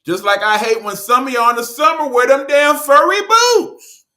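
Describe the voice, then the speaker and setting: A man's voice: extremely high pitch, normal speed, bright, forceful tone. A man with a Detroit accent hosting his own online show, ranting in a blunt, profane, joking way. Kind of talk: casual ranting monologue.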